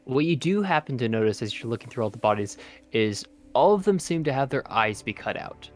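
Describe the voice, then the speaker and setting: A man's voice: medium pitch, animated, brisk. A man narrating as game master of a tabletop game, with many hesitant filler sounds.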